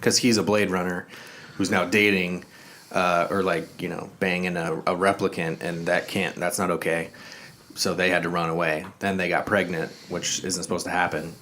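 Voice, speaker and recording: A man's voice: low voice, flat delivery, normal speed, pushed and bright, a little hiss or hum. A man co-hosting a casual movie review podcast, retelling the plot loosely with fillers and quoted asides. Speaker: podcast co-host.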